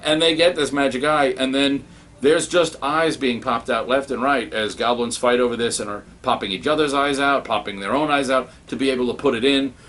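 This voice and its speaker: A man giving a casual spoken review of comics, excitable and rambling, with many restarts. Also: medium pitch, a little fast.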